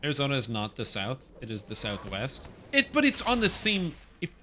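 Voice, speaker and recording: A man live-streaming a raid game, chatting casually and rambling excitedly with teammates, now and then swearing. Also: mid-range voice, brisk, a little hiss or hum.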